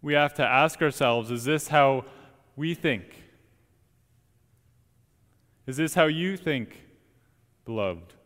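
A young man, a student preacher, delivering an earnest, emphatic sermon with deliberate pauses in a church. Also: mid-range voice, a bit bright. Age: young adult. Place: church sanctuary. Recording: long church reverb.

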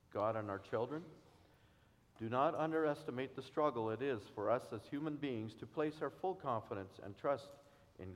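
A man preaching a sermon in an earnest, measured way, asking his listeners questions. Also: medium pitch. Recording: long hall reverb.

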